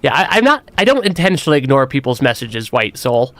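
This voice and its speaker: A man's voice: mid-range voice, sing-song, fairly quick, fairly bright tone, no room sound. A man streaming a game with a stuffy nose, chatting casually, laughing often and restarting his sentences. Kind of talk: casual gameplay commentary.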